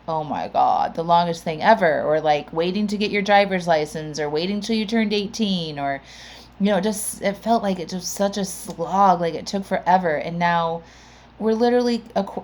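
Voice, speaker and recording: Chatty lower-voiced woman podcast host. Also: darkish tone. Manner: conversational, with frequent "like" and "right?". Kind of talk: chatty podcast intro monologue.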